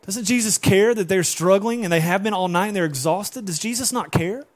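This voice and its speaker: A man preaching a sermon as pastor, animated and often putting questions to his congregation. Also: sits high, brisk.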